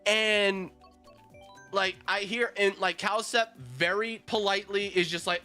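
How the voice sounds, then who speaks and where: A man streaming with viewers, telling a casual, animated story with plenty of swearing and restarts. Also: high-pitched, a little slow, faint music behind. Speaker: streamer host. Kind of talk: casual storytelling while gaming.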